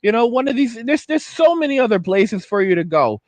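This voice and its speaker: High-voiced man ranting bluntly. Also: very animated, fairly quick, no room sound. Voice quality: high-pitched voice. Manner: blunt, heated ranting with many restarts. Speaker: host of a commentary channel. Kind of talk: ranting commentary vlog.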